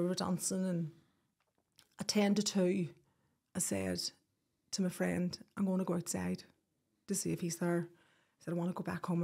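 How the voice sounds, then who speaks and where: Husky woman recounting. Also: on the low side, a little mellow. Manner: halting, with restarts and quoted speech. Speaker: guest. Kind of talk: emotional personal account.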